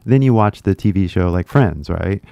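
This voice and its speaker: Gravelly, low-voiced American man rambling. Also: lively intonation, normal speed, warm tone, dry recording. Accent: American English. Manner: rambling, loose, many restarts and fillers. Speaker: YouTuber teaching English. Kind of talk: casual livestream chat. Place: small sound booth.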